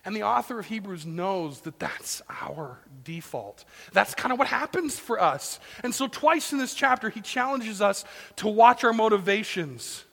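A man preaching a sermon as pastor, swinging between loud emphasis and hushed near-whispers, sometimes acting out complaining voices. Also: high voice, big pitch swings, moderate pace, vocal fry, few pauses, long reverb tail.

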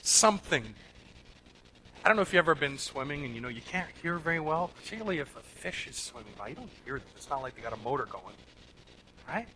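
A man preaching a sermon in an earnest, emphatic way, swinging between loud stressed words and soft asides. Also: medium pitch, big pitch swings, fast talker, slight background noise, poor audio. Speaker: pastor.

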